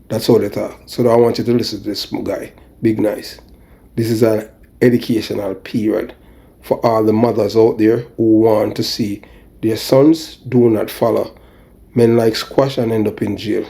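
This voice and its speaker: A man's voice: fairly low pitch, mellow. A man hosting a commentary show, talking earnestly to viewers and leaning on "you know" and "you understand.".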